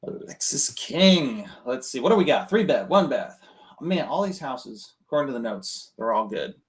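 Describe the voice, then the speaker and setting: A man casually coaching people on cold calling between phone calls, often tagging his points with a quick "right?". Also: mid-range voice, sing-song. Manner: conversational, keeps adding "right?". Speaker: real estate wholesaling coach.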